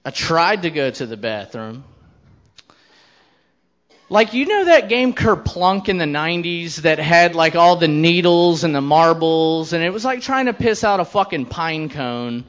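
A man's voice: fairly high pitch, sing-song, measured pace, a bit bright, highs cut off. A man in his thirties doing a stand-up comedy set, telling a crude story with brash, profane delivery and quoted voices.

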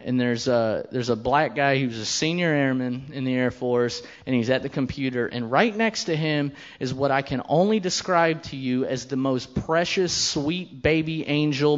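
A man's voice: mid-range voice, highs cut off. A man in his thirties doing a stand-up comedy set, telling a crude story with brash, profane delivery and quoted voices.

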